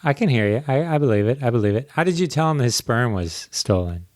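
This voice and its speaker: A man's voice: medium pitch, animated, darkish tone, no echo, clean studio sound. A man hosting a podcast interview, cracking jokes and reacting to his guest. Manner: joking, quick reactions. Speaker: podcast host. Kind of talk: casual interview chat.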